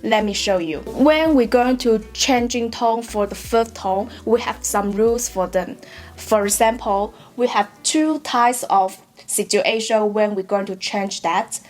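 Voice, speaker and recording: A woman with a Chinese accent, a native Mandarin speaker, teaching a patient online language lesson, often checking in with "right?" and saying example words slowly. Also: on the high side. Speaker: Mandarin tutor.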